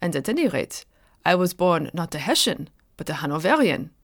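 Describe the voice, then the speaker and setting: A man's voice: fairly high pitch, very animated, normal speed, vocal fry, fairly bright tone, no echo, clean studio sound, exaggerated voice. A woman playing an elderly, dignified German clergyman with a German accent, speaking formally.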